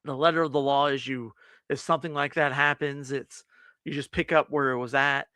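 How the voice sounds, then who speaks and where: Bright, dry-sounding man reviewing a movie. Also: medium pitch, fairly even intonation, brisk, clean tone, no room sound. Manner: rambling, retells scenes with quoted lines. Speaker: podcast co-host. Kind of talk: casual movie review chat.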